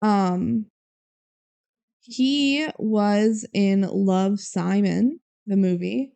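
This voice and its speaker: A woman's voice: mid-range voice, very slow, creaky, dark tone, clear, resonant tone. A young woman from Minnesota co-hosting a podcast, chatting casually with frequent laughs and fillers. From Minnesota, USA. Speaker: podcast co-host. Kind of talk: casual chat.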